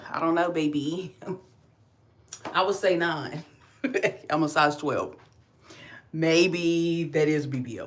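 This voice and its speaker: Middle-aged Kentucky woman, light Southern drawl, chatty livestream host talking viewers through each step. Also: low voice. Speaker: beauty vlogger. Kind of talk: casual livestream tutorial.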